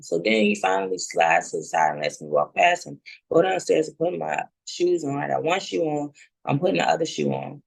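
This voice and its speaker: Thirties woman, interview guest, gravelly texture, blunt and profane, acts out scenes. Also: low voice, expressive, a little fast, no room sound, rough recording. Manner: candid, blunt, swears freely; relives scenes by acting out both sides. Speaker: guest sharing her story. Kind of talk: personal testimony in casual talk.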